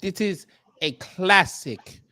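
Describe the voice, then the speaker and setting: A man doing a pompous, mock-posh British gentleman in comedic banter, clipping "sir" onto nearly every line. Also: high-pitched, lively intonation, slow pace, dry recording, full character voice. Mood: condescending.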